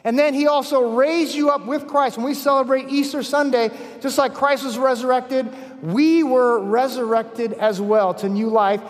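A man's voice: very high-pitched, steady tone, moderate pace, hardly any pauses. A man preaching a sermon at a conference, emphatic, repeating key phrases and telling stories. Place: large conference hall. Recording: long hall reverb.

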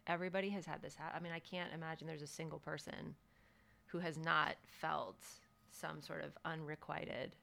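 A woman's voice: sits low, little pitch movement, normal speed, vocal fry, sharp tone. A woman co-hosting a podcast, talking reflectively in casual chat and laughing often. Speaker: podcast co-host.

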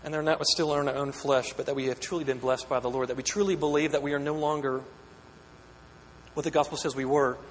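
A man's voice: medium pitch, flat delivery, brisk. A pastor preaching a sermon, earnest and questioning, often repeating words as he builds a point. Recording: echoey hall with long reverb, faint hum.

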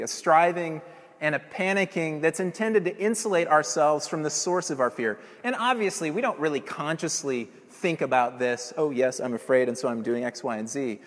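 A man's voice: fairly high pitch, fairly bright tone, big-room sound. A man preaching a sermon in earnest, emphatic tones, building through rhetorical questions.

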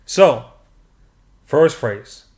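A man's voice: a little high, drawn-out words. Upbeat male podcast host. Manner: upbeat, animated, laughs often. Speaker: podcast host teaching Russian. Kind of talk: casual podcast chat and language lesson.

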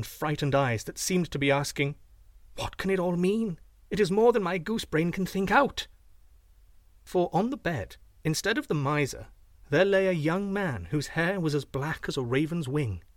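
A man reading a children's fairy tale aloud, expressive and shifting voices for each character. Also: mid-range voice, no room sound, clean studio sound. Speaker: storyteller.

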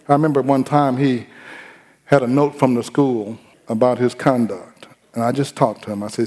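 A man's voice: medium pitch, normal speed, a little mellow. A middle-aged man, preaching a sermon in a folksy, humorous storytelling style, acting out quotes. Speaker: pastor. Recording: long hall reverb.

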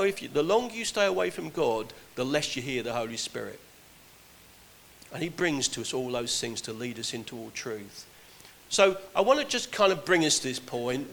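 A man's voice: mid-range voice, gravelly, fairly bright tone, rough recording. A man preaching a sermon, earnest and exhorting, his voice rising and dropping for emphasis.

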